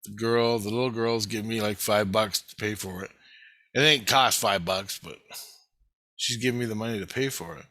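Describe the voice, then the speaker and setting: A man's voice: lowish voice, fairly even intonation, normal speed, sharp tone, no echo. A man casually telling a personal story, rambling and swearing as he goes. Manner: rambling, profane, repeating phrases.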